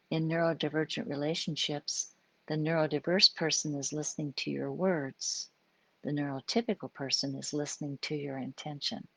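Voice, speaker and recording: A low-pitched older woman talks through ideas on a home live stream, keeping it conversational and often checking that the listener follows. Her voice is close and dry, with no room sound around it. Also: gravelly, husky, dry recording. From US Pacific Northwest. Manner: conversational, explaining with frequent "right?" check-ins. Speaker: psychologist hosting a live stream. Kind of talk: informal live-stream talk.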